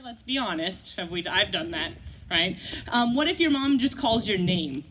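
A woman's voice: fairly high pitch, lively intonation, moderate pace, a bit bright, a little hiss or hum. A woman leading a children's story outdoors at a church service, playful, laughing and asking the kids questions. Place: outdoors by a gazebo.

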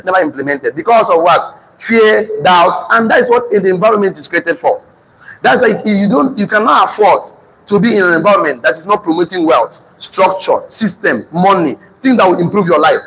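A man's voice: on the high side, a bit bright, slightly rough. A man with a Nigerian accent giving a preachy motivational class, emphatic and repetitive, dictating lines for notes in a hall with a live class. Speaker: class teacher and motivational speaker. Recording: reverberant hall.

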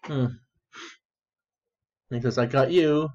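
A man's voice: mid-range voice, slow pace, darkish tone, slight background noise. A man casually talking through his online strategy game, rambling, repeating phrases, swearing and giggling as he goes. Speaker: gamer narrating his play. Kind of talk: casual gameplay commentary. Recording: dull lo-fi sound.

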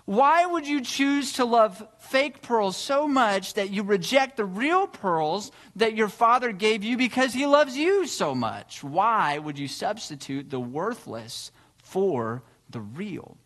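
A man's voice: high voice, very animated, slow, fairly bright tone. A male pastor preaching a sermon, telling a story with earnest rhetorical questions.

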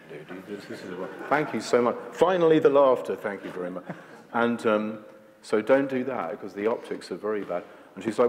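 A man's voice: fairly low pitch, normal speed, darkish tone, slight background noise. A man speaking as guest at an onstage talk before an audience, rambling and jokey, full of "like" and restarts. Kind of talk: onstage conversation before a screening. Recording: long hall reverb.

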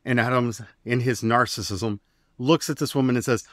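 A man's voice: medium pitch, steady tone, moderate pace, a bit bright, dry recording, studio quality. Wry, glib man telling a story. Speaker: podcast co-host. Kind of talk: casual religious discussion podcast.

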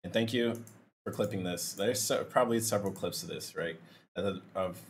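A man's voice: low-pitched, moderate pace, slight background noise. A man reacting to a streamer's farewell, talking to the screen in a comforting, chatty way. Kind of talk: casual reaction commentary.

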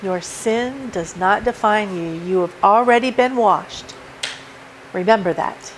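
A woman's voice: medium pitch, slow pace, slight background noise, rough recording. A woman preaching a sermon at a church service, emphatic and repeating her key points as she works through a numbered list. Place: church sanctuary.

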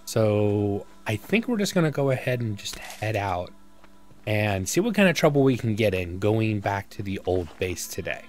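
A man's voice: lowish voice, very animated, normal speed, soft background music. A man giving casual let's-play commentary as a gaming YouTuber, rambling and self-mocking as he thinks aloud.

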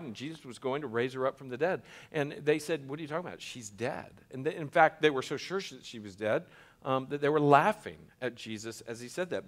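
A man, a pastor, giving an earnest teaching sermon in a church, stressing key words and often restarting his phrases. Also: fairly high pitch. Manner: earnest, emphatic, with frequent restarts and slowed stresses. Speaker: pastor teaching a Bible class.

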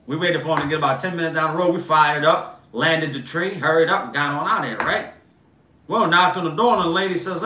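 A man, hosting a casual livestream and telling animated, slangy stories. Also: a little high, quick pace. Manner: animated, slangy storyteller, lots of "bro" and "man". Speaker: host. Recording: echoey room.

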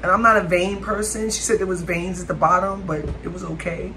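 Chatty bright-voiced woman vlogger. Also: on the low side, fairly even intonation, brisk, a little hiss or hum. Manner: chatty, dramatic, keeps addressing viewers as y'all. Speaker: food vlogger. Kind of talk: casual mukbang chat to viewers.

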